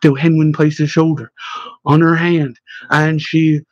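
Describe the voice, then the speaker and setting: Man narrating with a husky voice. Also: a little high, level tone, measured pace, no echo. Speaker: audiobook narrator. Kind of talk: scripted narration. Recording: slightly dull, dry recording.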